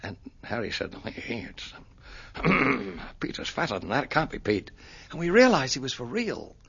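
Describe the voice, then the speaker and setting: Guy spinning a yarn, husky voice, wild swoops, dull old audio. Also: mid-range voice, moderate pace. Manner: animated, acts out the voices in his story. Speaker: interviewee. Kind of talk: storytelling anecdote.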